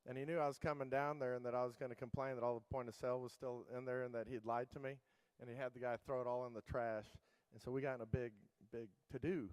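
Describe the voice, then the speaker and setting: A man's voice: mid-range voice, little pitch movement, fast, clean tone, dry recording, low-quality recording. A middle-aged man giving a conference keynote, telling casual, rambling anecdotes full of fillers and restarts. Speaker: keynote speaker.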